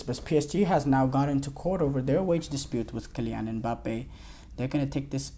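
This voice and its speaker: A male podcast host talks loosely on his own, piling up fillers and restarts. His voice is gravelly with a warm, dark tone at an ordinary pitch. A faint hiss sits under the recording. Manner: loose and rambling, many fillers and restarts, reads quotes aloud. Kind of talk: casual solo sports podcast talk.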